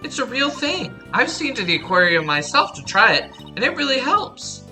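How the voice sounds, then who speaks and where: A woman doing a gushing young woman attorney, bright lively voice, game dialogue read aloud. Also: a little high, normal speed, soft background music, voice pushed up, exaggerated voice. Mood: earnest. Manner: peppy, gushing. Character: excitable young woman lawyer.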